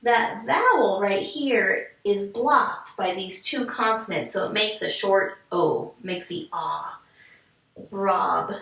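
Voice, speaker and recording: A woman teaching a reading lesson to young children, sounding words out slowly and syllable by syllable, cheerful and encouraging. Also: mid-range voice, vocal fry, fairly bright tone. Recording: echoey room, mic at a distance.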